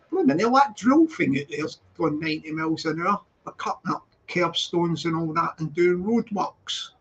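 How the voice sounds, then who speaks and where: A man chatting casually on a live stream from his flat, repeating phrases and laughing a lot as he greets viewers. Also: a little high, normal speed, few pauses, lo-fi sound, slight background noise. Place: flat with balcony door open.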